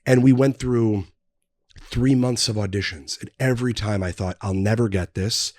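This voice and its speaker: A man with a low-pitched voice recounts a long story on a podcast, loose and rambling, with lots of "um" and "like". The sound is close and dry, with no room around it. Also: moderate pace, darkish tone, dry recording. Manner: rambling anecdotes with many fillers. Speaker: guest. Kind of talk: casual storytelling chat. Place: podcast studio.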